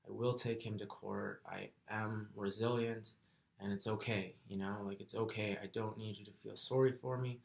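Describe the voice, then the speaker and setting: A man retelling the words of a tearful, struggling young mother in a slow, soft way. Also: on the low side, steady tone, gravelly. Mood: resolute.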